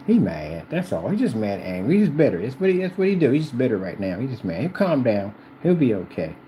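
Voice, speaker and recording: Animated rambling middle-aged man ranting. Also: on the high side, a little hiss or hum, rough recording. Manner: rambling and repetitive, addressing a rival directly. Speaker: vlogger. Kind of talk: ranting monologue to camera.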